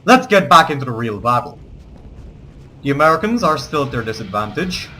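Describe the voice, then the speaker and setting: A man's voice: medium pitch, sing-song, brisk, bright, forceful tone, slight background noise. A man giving gameplay commentary, switching between theatrical rallying speeches and swearing asides. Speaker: let's play gamer.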